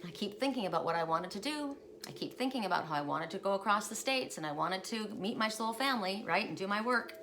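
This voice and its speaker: A woman's voice: medium pitch, expressive, quick pace, hardly any pauses, sharp tone. A woman in a casual, rambling chat as she reads oracle cards, restarting her sentences often. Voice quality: rambling, chatty, with frequent restarts. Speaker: oracle card reader. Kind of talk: casual spiritual card reading. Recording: noisy home recording.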